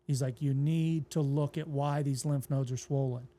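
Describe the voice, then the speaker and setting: A man, a pastor, telling his own story in a relaxed, plainspoken way on an interview podcast and acting out what people said to him. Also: mid-range voice, moderate pace. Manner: relaxed, plainspoken retelling that acts out quoted dialogue.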